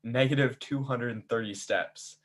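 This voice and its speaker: Male host, casual after-show recap, lively storyteller who voices the players. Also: medium pitch, normal speed. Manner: animated storytelling, acts out players' quotes. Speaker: game host recapping a season. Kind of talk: casual chat.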